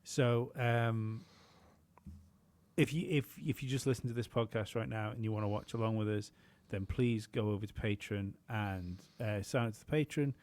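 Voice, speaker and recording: A man's voice: on the low side, normal speed, a little mellow. A man co-hosting a podcast, chatting casually, rambling with many fillers and some swearing. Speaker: podcast co-host.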